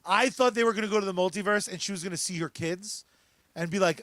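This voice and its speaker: A man hosting a podcast in casual chat, riffing excitably with plenty of swearing. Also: high voice, fast talker, dry recording. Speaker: podcast host.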